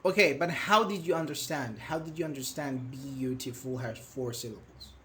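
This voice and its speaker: A young man teaching English grammar in a live online class, patient and questioning, repeating words slowly. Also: mid-range voice, fairly bright tone, slight background noise.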